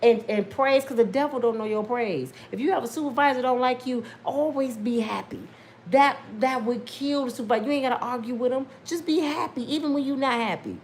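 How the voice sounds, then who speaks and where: Animated woman chatting casually on a livestream. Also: high voice, normal speed, slight background noise. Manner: animated, preachy, laughs loudly. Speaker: YouTube host.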